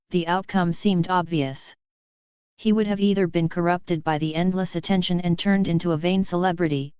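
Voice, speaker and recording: A woman narrates a fantasy audiobook with steady, even storytelling. Her voice is low and smooth. The recording is dry and a little muffled. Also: dry recording. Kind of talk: scripted narration.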